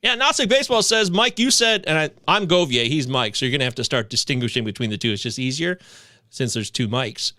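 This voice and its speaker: A man's voice: a little high, fairly quick, bright, forceful tone. A man co-hosting a fantasy baseball podcast, joking and brash while reading out chat comments in casual banter. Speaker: podcast co-host.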